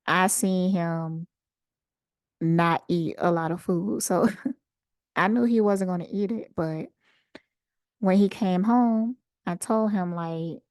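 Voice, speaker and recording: A woman host casually telling a personal story in an unhurried, animated way. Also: lowish voice, no echo, clean studio sound. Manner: unhurried, conversational, animated retelling. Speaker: channel host.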